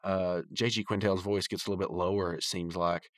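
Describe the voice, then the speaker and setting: A man with a low voice hosts a podcast, loosely recapping a cartoon episode. He rambles and piles up fillers as he goes. The sound is dry and close, with no room around it. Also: fairly even intonation, fairly quick, no echo. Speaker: podcast host reviewing a cartoon. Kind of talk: casual recap and review.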